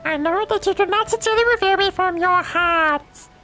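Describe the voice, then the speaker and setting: Squeaky, haughty old creature sage. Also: male voice, normal speed, bright, forceful tone, faint music behind. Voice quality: squeaky high put-on voice. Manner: haughty, stately and condescending. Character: pompous old male Nopon sage, tiny creature. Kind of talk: reading game dialogue in voices.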